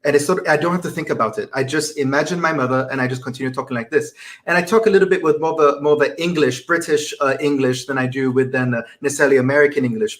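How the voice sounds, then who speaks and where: A man's voice: a little high, fast, a bit bright. A young man chatting as a guest in an interview, talking eagerly and rambling a little, laughing easily. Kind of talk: casual interview chat.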